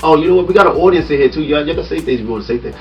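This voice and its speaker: A man hosting a relaxed podcast, pitching his arguments through questions and quick laughs. His voice moves a lot, rising and dropping as he talks. He sits a bit back from the mic, with faint music underneath. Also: far from the mic, poor audio. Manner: animated, laughs often, builds arguments with questions. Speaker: podcast host. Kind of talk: casual podcast chat. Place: studio room with a small audience.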